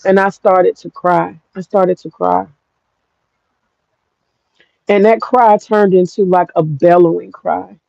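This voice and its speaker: Gravelly woman with African American English. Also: mid-range voice, a little mellow, no room sound, muffled recording. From United States. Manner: frank, profane, rambling with restarts. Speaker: vlogger. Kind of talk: candid personal storytelling.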